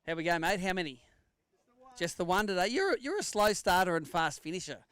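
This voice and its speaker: A man's voice: high-pitched, expressive, a little fast, a bit bright, clear, resonant tone. An Australian man hosting a live fishing tournament weigh-in, joking with anglers and calling out weights and standings. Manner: jokey banter with anglers, announcing weights and standings.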